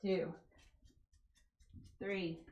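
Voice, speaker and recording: A woman's voice: lowish voice, little pitch movement, very slow, a little mellow, echoey room, dull audio. A woman leading a live workout class, counting reps and giving casual, encouraging form tips while out of breath. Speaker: fitness coach.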